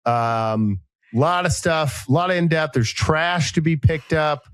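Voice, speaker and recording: A man's voice: a little high, unhurried, clean tone, no room sound. Rambling, joking male podcast host. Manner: joking, rambling, deadpan asides. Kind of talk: casual podcast banter with ad reads.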